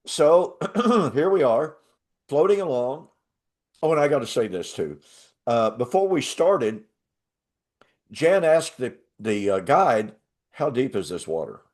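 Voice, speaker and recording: An older man hosting a talk show, telling a travel story in a casual, animated way and laughing often. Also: mid-range voice, slow pace, pauses often. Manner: animated, laughs often, acts out quoted voices. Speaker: show host.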